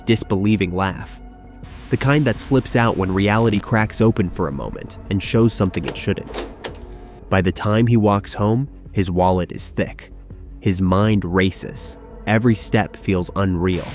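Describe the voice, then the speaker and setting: A man giving scripted documentary narration in a measured, suspenseful storytelling manner. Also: on the low side, darkish tone. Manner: tense, measured storytelling with dramatic pauses. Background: background music.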